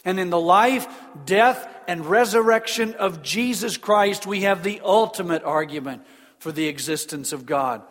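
A man preaching a sermon in an earnest, emphatic way, slowing down on key phrases. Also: high-pitched, a bit bright. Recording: long reverb of a large hall.

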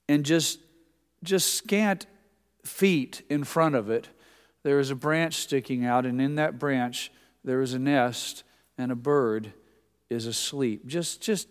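An older man preaching a sermon to his congregation, conversational in tone with dramatic shifts from quiet to loud. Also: medium pitch, smooth. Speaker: pastor. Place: church sanctuary. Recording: long hall reverb.

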